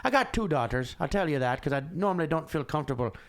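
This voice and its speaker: A man's voice: fairly high pitch, expressive, quick pace. A man putting on a chatty Irish cab driver. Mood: friendly, confiding. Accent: Irish, put on.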